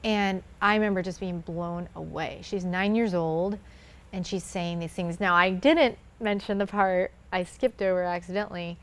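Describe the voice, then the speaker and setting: A woman's voice: lowish voice, steady tone, normal speed. A woman in her thirties, a guest in a conversation, telling a personal faith story earnestly and acting out what others said.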